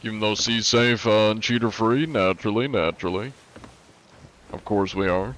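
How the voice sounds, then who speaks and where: A man's voice: lowish voice, moderate pace, pauses often, fairly bright tone. A congested man chatting loosely on a live gaming stream, swearing freely as he talks. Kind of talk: casual gaming livestream chat.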